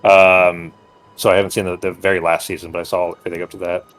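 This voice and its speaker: A man with a lowish voice chatting casually with friends. He is easygoing, tossing back short agreeing replies and sometimes musing at more length. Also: little pitch movement, fast, fairly bright tone. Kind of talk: casual chat.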